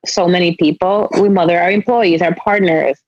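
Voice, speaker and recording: A woman's voice: fairly low pitch, steady tone, moderate pace, no room sound, highs cut off. A woman with a Spanish accent hosting a podcast, speaking in earnest, reflective runs in casual interview chat. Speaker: podcast host.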